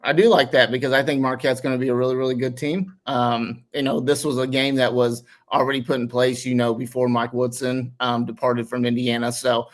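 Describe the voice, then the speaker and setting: A man's voice: mid-range voice, flat delivery, a little fast, hardly any pauses. A man speaking as a guest analyst on a sports podcast, in casual chat that rambles with many fillers. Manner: rambling, heavy on "um" and "you know".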